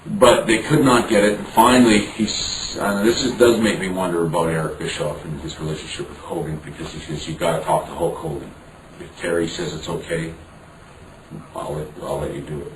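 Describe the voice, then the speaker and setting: A man's voice: a bass voice, brisk. A man being interviewed, telling a story frankly with some swearing and acting out what others said. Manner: frank, profane, acts out dialogue. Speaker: interview guest. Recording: roomy, distant mic, background noise.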